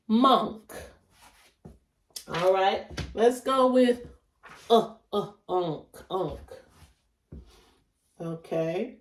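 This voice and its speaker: A woman teaches a phonics lesson, sounding out each chunk of a word with deliberate emphasis. She speaks very slowly, and her voice sits a little away from the microphone, with the echo of the room around it. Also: medium pitch. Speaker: reading teacher. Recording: echoey room, voice a bit far from the mic.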